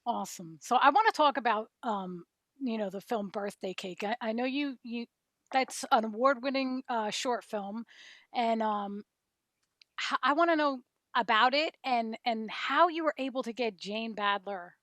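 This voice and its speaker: A woman's voice: on the high side, normal speed, fairly bright tone, no echo, clean studio sound. A woman hosting an interview, asking questions in an enthusiastic, hesitant way. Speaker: interview host.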